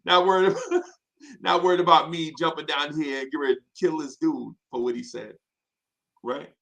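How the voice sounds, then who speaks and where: A man telling personal stories in casual chat, animated and full of fillers and asides. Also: on the high side, normal speed, vocal fry.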